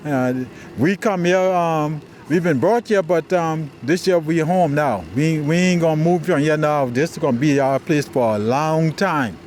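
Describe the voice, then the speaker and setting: A man's voice: on the high side, measured pace, hardly any pauses, darkish tone, slight background noise. A man with a Gullah accent from the South Carolina Sea Islands, chatting as a local guide while walking outdoors, repeating words as he goes.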